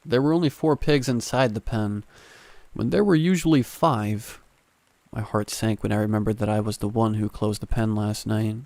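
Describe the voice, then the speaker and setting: A man narrating a scripted horror story in a calm, steady first-person way. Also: fairly low pitch, brisk, hardly any pauses, dry recording.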